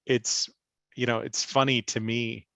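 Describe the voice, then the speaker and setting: A man leading an online spiritual class over a video call, speaking gently and slowly while searching for his words. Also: medium pitch, level tone, vocal fry, dry recording. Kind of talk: reflective teaching talk.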